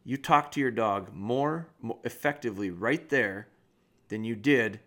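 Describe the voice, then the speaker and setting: A man's voice: mid-range voice, measured pace, a bit bright. A man hosting a dog training podcast, reviewing a trainee's video and talking directly to him with frank critique.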